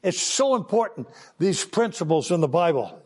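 A man's voice: sits high, normal speed, breathy edge, big-room sound. An older man preaching a children's sermon, telling stories and acting out voices. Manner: animated storytelling, acting out voices.

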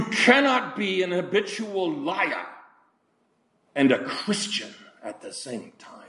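Slow, deliberate older male preacher. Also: high-pitched, very animated, fairly bright tone, roomy sound. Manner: deliberate, slowing and dropping for emphasis. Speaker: pastor. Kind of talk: sermon.

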